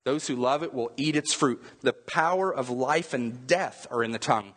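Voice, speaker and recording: A man's voice: mid-range voice, normal speed, fairly bright tone, breathy edge, long reverb tail. A man preaching a sermon as pastor, emphatic and repetitive, often restarting his phrases.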